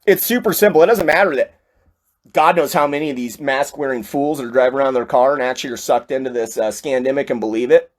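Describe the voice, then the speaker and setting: A man giving a heated, profane political rant, with sudden loud outbursts. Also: medium pitch, fast. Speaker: online ranter.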